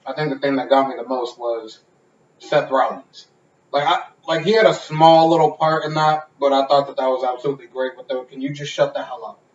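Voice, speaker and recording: A man's voice: mid-range voice, fairly quick. Profane, rambling male podcast host. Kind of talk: casual podcast chat. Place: home garage. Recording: roomy, distant, dull garage sound.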